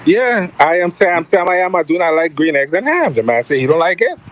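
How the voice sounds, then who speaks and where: A man's voice: sits high, very animated, brisk, noisy background. A man joking around as a co-host, making a playful reading of a children's book. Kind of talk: casual banter.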